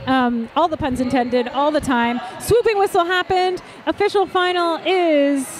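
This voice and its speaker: A woman announcing roller derby live, excitable and gushing. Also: high voice, unhurried, a little hiss or hum. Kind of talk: live sports commentary.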